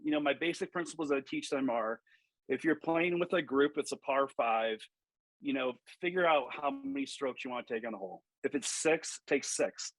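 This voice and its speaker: A man with a slightly husky voice speaks as a golf coach on a podcast. He tells stories with energy, acts out the people he quotes and swears freely. The sound is dry and close. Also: fairly high pitch, fairly bright tone, dry recording, rough recording. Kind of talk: podcast interview.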